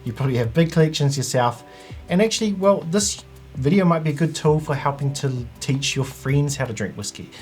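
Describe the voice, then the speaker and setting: A man's voice: fairly high pitch, expressive, a little fast, a little mellow, soft background music. Chatty man hosting a vlog. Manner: chatty, conversational, with frequent "like" and "you know". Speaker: whisky channel host. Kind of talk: casual explainer vlog.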